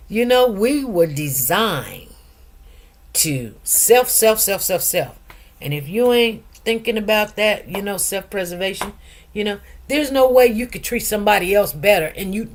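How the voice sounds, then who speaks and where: A woman's voice: mid-range voice, lively intonation, unhurried. A middle-aged woman, hosting a casual livestream and talking straight to her listeners with lots of emphatic asides. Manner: chatty, emphatic, addresses listeners directly with frequent asides. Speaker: livestream host.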